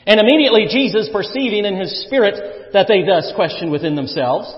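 A man preaching a sermon, swinging between loud stressed phrases and quiet low asides. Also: fairly quick, few pauses. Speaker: pastor. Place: church sanctuary. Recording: echoey church hall, dull sound.

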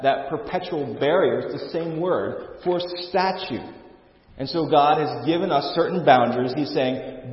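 A male pastor preaching a sermon in an earnest way, often restarting and repeating words. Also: fairly high pitch. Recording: echoey hall, dull lo-fi sound.

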